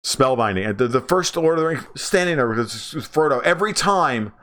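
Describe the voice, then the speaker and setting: A man in his forties hosting a livestream, talking about movies in a casual, profane, emphatic way, often restarting and jumping up in pitch when excited. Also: brisk. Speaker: livestream host.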